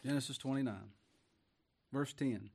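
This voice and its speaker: Folksy preacher with a swinging voice. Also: male voice, medium pitch, a little slow, creaky, slight background noise. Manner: folksy, swings from loud declaiming to hushed. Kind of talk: sermon.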